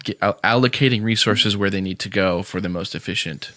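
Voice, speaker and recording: A man hosting a podcast speaks in a low register, circling his point with ums and restarts before landing it bluntly. The sound is dry and close on the mic, with no room around it. His tone stays sarcastic and opinionated. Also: a little fast, fairly bright tone, no room sound. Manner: rambling, many fillers and restarts. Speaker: podcast host. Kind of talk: casual opinionated chat.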